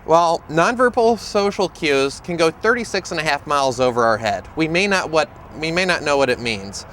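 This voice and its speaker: A man's voice: a little high, moderate pace, slight background noise. Humorous man telling stories outdoors. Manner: humorous, lively storyteller. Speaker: autism speaker and educator. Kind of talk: storytelling presentation to camera.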